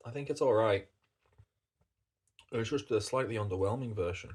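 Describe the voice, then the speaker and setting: A man's voice: on the low side, moderate pace, darkish tone, breathy edge. A British man chatting casually as a coffee reviewer, rambling along and swearing in passing. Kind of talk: casual chat.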